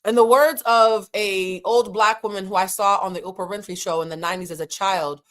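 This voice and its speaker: A woman's voice: mid-range voice, fairly even intonation, a little fast. Woman, host, casual commentary, frank, slangy, chatty. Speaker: host of a reality TV recap show.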